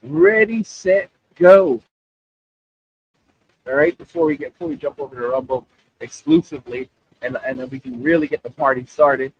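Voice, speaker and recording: A man's voice: mid-range voice, quick pace, gravelly, husky, muffled recording. A man hosting a livestream, talking casually and repeating himself as he speaks straight to his chat. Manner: animated, repetitive, addresses chat directly. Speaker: livestream host.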